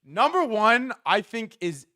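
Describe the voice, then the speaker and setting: A young man hosting a casual livestream about markets, talking in an excitable, profane and rambling way with lots of fillers. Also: high-pitched, slow pace, slight background noise. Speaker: livestream host.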